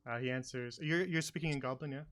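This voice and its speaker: A man's voice: mid-range voice, quick pace, fairly bright tone. Man narrating as game master.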